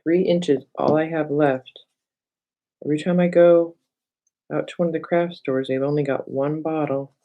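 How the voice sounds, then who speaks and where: This casual crafting livestream comes from a middle-aged woman at her craft table at home, speaking at a moderate pace in a deep, steady voice with the highs cut off. She calls viewers by name and narrates her thoughts, sometimes just to herself, as she works.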